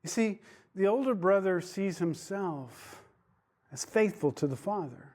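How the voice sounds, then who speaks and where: Slow-speaking male Bible teacher. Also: high-pitched, animated, a little mellow. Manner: storytelling with digressions. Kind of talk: Bible study lesson.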